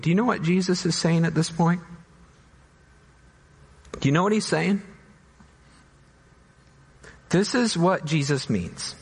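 Pastor preaching in a reverberant hall. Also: male voice, breathy edge. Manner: dramatic, voices doubters in high anguished tones, then drops soft. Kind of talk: sermon.

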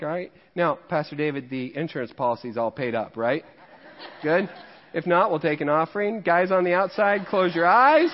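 With a high voice and lively intonation, a Missouri pastor tells a fishing story during his sermon at a moderate pace, keeping it jokey and conversational and laughing at himself frequently. A faint crowd can be heard in the church sanctuary, and the recording is dull with long reverb.

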